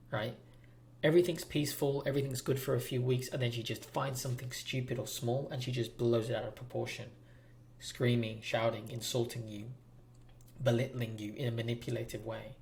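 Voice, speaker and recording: A man's voice: mid-range voice, vocal fry, a little mellow, a little hiss or hum. A man hosting a relationship advice talk, speaking bluntly and preachily straight to his viewers. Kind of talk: direct-to-camera advice monologue.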